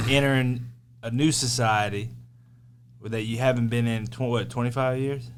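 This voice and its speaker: A man hosting a podcast, asking his guest questions and telling a lively story of his own. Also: medium pitch, a little slow, clean tone. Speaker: podcast host. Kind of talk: casual interview talk.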